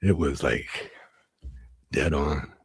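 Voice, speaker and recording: A man with a deep, rough-edged voice tells a long story as a guest in a conversation. He talks haltingly, circling back and restarting his sentences. His voice sounds dry and close. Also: dry recording. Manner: halting, with many restarts and fillers. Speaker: interview guest. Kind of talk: rambling storytelling.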